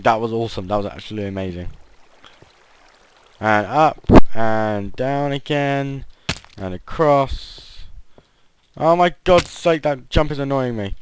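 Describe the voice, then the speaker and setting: A gaming channel host gives casual gameplay commentary in a mid-range voice, groaning and yelping in frustration whenever his jumps fail. Slight background noise is audible.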